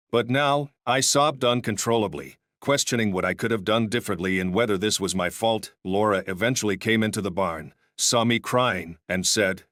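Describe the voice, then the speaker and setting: A man narrating a first-person story in a measured, steady reading voice. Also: fairly low pitch, no echo, clean studio sound.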